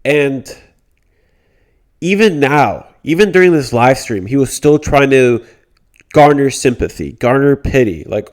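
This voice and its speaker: An indignant man ranting through a casual commentary, blunt and loose, swearing often and stumbling into restarts. His voice sits at an ordinary middle pitch, and he keeps circling back to repeat his point. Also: lively intonation, a little slow. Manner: mocking quoted whiny voices. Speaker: commentary YouTuber.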